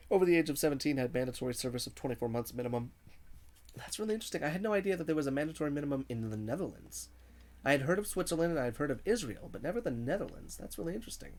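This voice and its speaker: A male gaming streamer talks casually while he plays, reading viewer messages aloud and answering them. His voice sits at an ordinary pitch, and he laughs often. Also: darkish tone. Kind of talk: casual livestream commentary.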